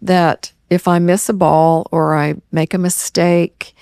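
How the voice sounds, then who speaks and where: An older woman, a guest in a candid therapy conversation, speaking in an earnest, halting way and repeating her words. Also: fairly low pitch, flat delivery, dark tone, clean tone, no room sound, clean studio sound. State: tearing up.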